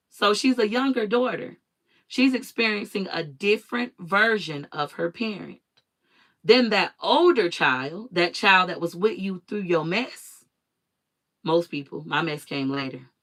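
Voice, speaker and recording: A woman's voice: fairly low pitch, lively intonation, slow, a bit bright. A woman hosting her own live stream, telling a personal story in an emphatic, repetitive way with blunt swearing.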